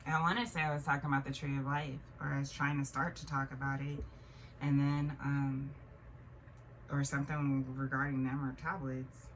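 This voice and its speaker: A woman in her thirties tells a strange story in a low voice, rambling and restarting her sentences with plenty of fillers. She sits a little back from the mic, and faint noise runs under her voice. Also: level tone, moderate pace, distant mic, low-quality recording. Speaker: vlogger. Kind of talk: casual storytelling monologue.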